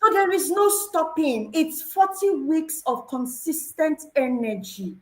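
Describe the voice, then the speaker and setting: A woman's voice: sits high, animated, measured pace, a little mellow, rough recording. A woman sharing a personal testimony on a panel talk show, earnest and emotional, telling her story with feeling. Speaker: program participant sharing testimony.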